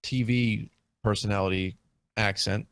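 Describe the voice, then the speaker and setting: A man's voice: lowish voice, fairly even intonation, a little slow, dry recording. A man in a casual discussion, talking at length with many fillers and restarts. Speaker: guest in a video game discussion. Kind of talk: casual chat.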